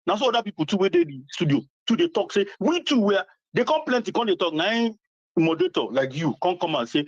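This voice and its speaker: A man with a Nigerian accent tells a story in a casual chat, his slightly high pitch swinging widely as he talks. His voice comes through dry and a little muffled. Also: fast, no echo. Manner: lively storyteller, addresses host as Baba, mixes in Pidgin.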